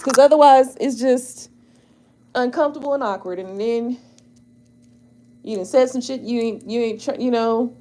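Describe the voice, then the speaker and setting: A woman, hosting a casual chat to her viewers, animated, exclaiming and laughing as she talks. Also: fairly high pitch, moderate pace, pauses often. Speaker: tarot channel host.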